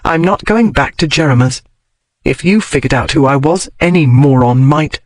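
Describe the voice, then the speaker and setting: A man narrating an audiobook, voicing a sharp-tongued young Regency woman journalist with crisp, defiant retorts. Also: on the high side, lively intonation, normal speed, no echo, natural voice. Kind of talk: audiobook character voice.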